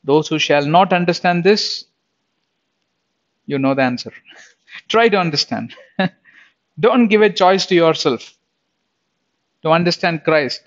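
A man's voice: a little high, lively intonation, takes it slowly, pauses often, muffled recording. A man giving an informal Bible lesson, chatty, often laughing and repeating himself. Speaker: Bible teacher.

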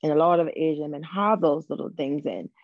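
A woman's voice: low voice, fairly quick, dry recording. A woman as an interview guest, talking frankly and animatedly with lots of fillers and restarts. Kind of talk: casual interview chat. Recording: dull lo-fi recording.

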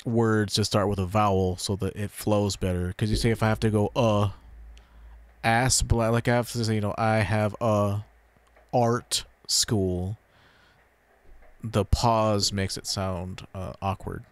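A man streaming a game, casually explaining Japanese pronunciation and repeating words slowly as he thinks aloud. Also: on the low side, fairly even intonation, no room sound. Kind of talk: casual gameplay commentary.

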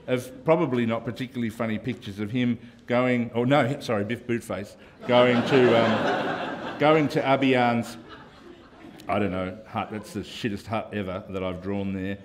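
A man's voice: mid-range voice, unhurried, a crowd in the background, background noise. An Australian man, a cartoonist speaking on a panel, rambling and self-deprecating with many fillers. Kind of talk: casual panel talk.

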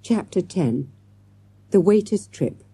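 Husky, mellow woman narrating a storybook. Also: fairly low pitch, animated, slow pace, dry recording. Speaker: audiobook narrator.

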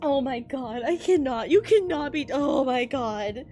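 Young woman streamer, very high voice, slow tearful delivery over game music, sobbing and swearing. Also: animated, warm tone. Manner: sobbing, laughing through tears, swearing. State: crying. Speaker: Vtuber streamer. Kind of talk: gaming reaction commentary.

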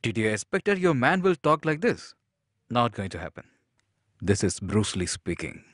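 A man voicing a lively, defiant hero. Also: medium pitch, moderate pace, no echo, clean studio sound. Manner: dramatic, declamatory. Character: defiant young male hero. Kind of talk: movie dub. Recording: film soundtrack with loud music.

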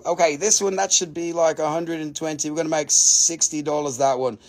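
A man hosting a live crystal sales stream, chatting casually and excitably in non-native English, swearing freely and laughing often. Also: a little high, fairly quick.

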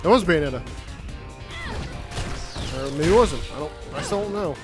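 A man's voice: on the high side, lively intonation, moderate pace, over music. A man giving sardonic, profane commentary while playing a video game. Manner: sardonic, profane, mumbling asides. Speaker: gameplay streamer. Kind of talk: casual gameplay commentary.

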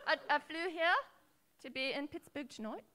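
A woman's voice: high-pitched, lively intonation, moderate pace, a crowd in the background. A woman in a live game show audience, putting on a jokey fake Liverpool accent as a contestant on a theater stage. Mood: playful. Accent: put-on Liverpool. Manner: jokey, giggly put-on accent.

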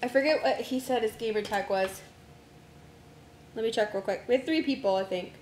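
A woman's voice: fairly quick, darkish tone. A woman game streamer in casual live-stream chat, muttering to herself and humming as she sorts out who is playing. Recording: echoey room with faint rumble.

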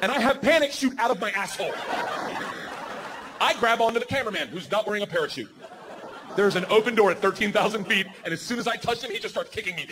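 A man in his forties telling a loud, animated stand-up story before a live audience. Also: high-pitched, fast talker, crowd noise, noisy background. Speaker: stand-up comedian. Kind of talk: stand-up set.

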